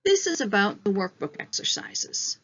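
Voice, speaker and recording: A woman teacher in a recorded online lesson, walking through each point step by step and slowing down on the key terms. Her voice sits at a middle pitch. The audio is slightly dull. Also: very animated, fairly bright tone, slightly rough.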